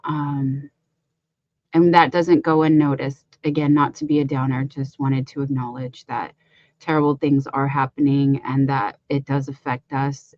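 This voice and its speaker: A woman's voice: sits low, darkish tone, no echo, lo-fi sound. A woman co-hosting a crochet livestream, talking in a chatty, rambling way with lots of fillers. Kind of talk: casual livestream chat.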